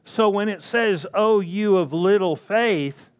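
A man preaching a sermon slowly and emphatically, often asking the congregation questions. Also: high-pitched, clean tone.

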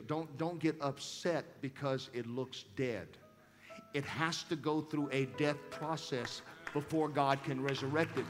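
Preacher man in a reverberant church. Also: on the high side. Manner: swings from soft intimate speech to loud urging. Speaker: guest preacher. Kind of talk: sermon with altar call. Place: church sanctuary. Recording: long hall reverb with music behind.

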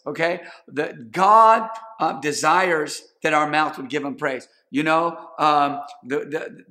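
Emphatic pastor with a bright voice. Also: male voice, medium pitch. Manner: emphatic, repeats words, calls for congregation response. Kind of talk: sermon. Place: church in Los Angeles.

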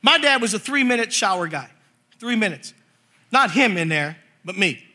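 A man preaching a sermon, reading scripture slowly and telling animated stories with jokes. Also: sits high. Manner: animated storytelling, jokes and voices; reads scripture slowly and forcefully. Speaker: pastor.

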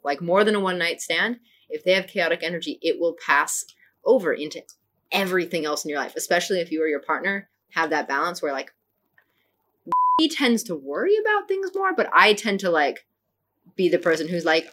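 A woman's voice: lowish voice, fairly bright tone. A woman co-hosting a podcast, frankly telling a personal story in casual chat, acting out quoted lines. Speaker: podcast co-host.

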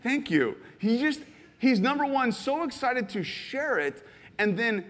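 A man in his thirties preaching a sermon as pastor, telling stories quickly with lots of fillers and animated bursts. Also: very high-pitched. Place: church sanctuary. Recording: reverberant church hall.

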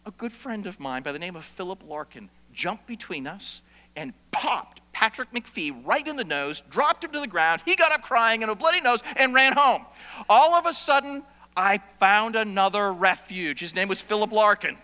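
High, bright-voiced man preaching in a hall. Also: lively intonation, normal speed. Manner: storytelling, swings from loud to hushed. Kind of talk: sermon. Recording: long reverb of a large hall.

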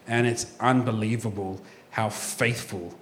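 Animated man in an echoey room. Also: lowish voice, a little slow, a little hiss or hum. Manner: animated storyteller who laughs often. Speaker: host. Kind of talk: casual chat. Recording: echoey room with faint ambience.

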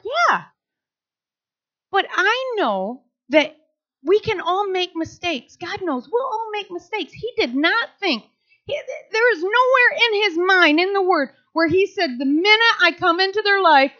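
A woman's voice: extremely high pitch, animated, measured pace, sharp tone. A middle-aged woman pastor preaching a conversational sermon, slipping into little quoted voices. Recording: dull lo-fi sound.

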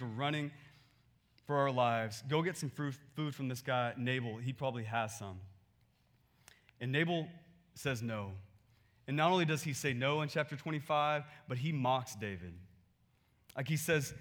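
A man's voice: a little high, a bit bright. A man preaching a sermon in a conversational way, asking his listeners rhetorical questions. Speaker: pastor.

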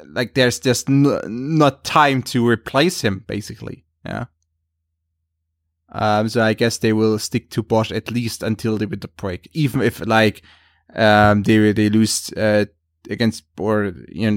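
A man's voice: lowish voice, no echo, clean studio sound. A man co-hosting a football podcast, thinking aloud with many fillers. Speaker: podcast co-host. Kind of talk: casual football podcast chat.

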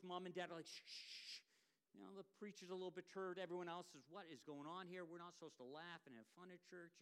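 A man preaching a sermon, telling a humorous story with lively, building delivery. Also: fairly high pitch, smooth. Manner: animated storyteller, rising loud for punchlines. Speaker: pastor.

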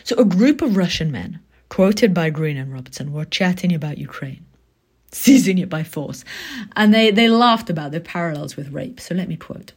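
Low-voiced woman reviewing a book. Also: lively intonation, moderate pace, breathy edge. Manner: thoughtful and conversational, with soft muttered asides.

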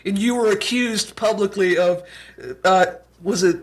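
A man with a notably high voice co-hosts a casual political conversation. He chimes in lightly, breaking in with questions and short remarks. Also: measured pace.

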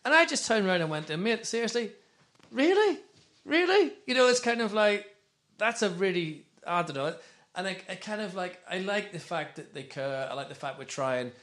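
Fast-talking man in animated fan chat. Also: high voice. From Wales. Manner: animated, rambling, self-interrupting. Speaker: podcast host. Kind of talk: casual football fan chat.

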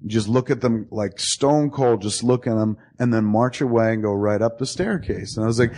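A man telling a long story to a friend in casual talk, profane and animated, acting out both sides of the dialogue. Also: mid-range voice, brisk, hardly any pauses.

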